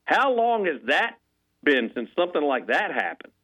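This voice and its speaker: A man calling in as a guest on a sports radio show, talking in a rambling, animated way with repeated words, heard over a phone line. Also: on the high side, normal speed. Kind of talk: call-in sports chat.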